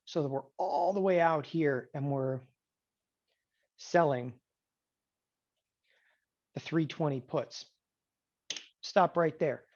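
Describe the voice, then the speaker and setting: A man teaching an options trading class, animated and sarcastic, often acting out students' voices. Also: on the high side, takes it slowly, pauses often. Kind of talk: classroom lecture. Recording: dull lo-fi sound.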